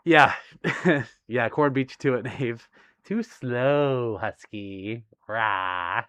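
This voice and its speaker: A man's voice: mid-range voice, drawn-out words, pauses often, fairly bright tone. A man hosting a casual livestream, reading out viewer messages with frequent bashful laughter. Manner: giggly, bashful, laughs often between remarks. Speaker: livestream host.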